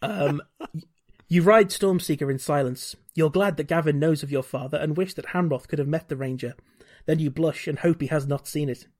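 A man hosts a podcast in which he reads a gamebook aloud, delivering the narration steadily but adding wry, joking asides and laughing often. His voice is fairly high and a little mellow, at a moderate pace.

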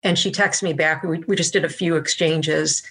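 A woman answering interview questions, recounting her experience with earnest feeling. Her voice is bright, with a gravelly rasp at the bottom, and her pitch stays quite even. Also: normal speed. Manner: earnest, heartfelt. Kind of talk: reflective conversational storytelling.

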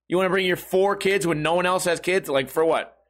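Man, hoarse failing voice, fairly high-pitched, swearing, grumbling casual podcast rant. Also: a little fast. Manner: profane, grumbling, self-deprecating. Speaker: podcast host.

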